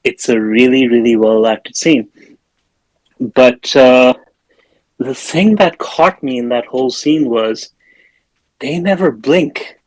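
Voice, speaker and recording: A man hosting a casual film-review podcast, loosely rambling through the plot with plenty of fillers. His voice sits at an ordinary middle pitch. The sound is close and dry, with no room around it. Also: slow pace, long pauses, no room sound, low-quality recording. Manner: retells scenes with acted-out quotes. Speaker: podcast host.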